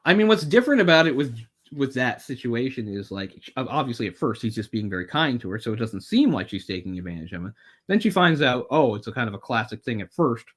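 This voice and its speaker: A man's voice: medium pitch, very animated, quick pace. A man co-hosting a podcast, chatting casually and wryly about a film, rambling and swearing now and then. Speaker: podcast co-host.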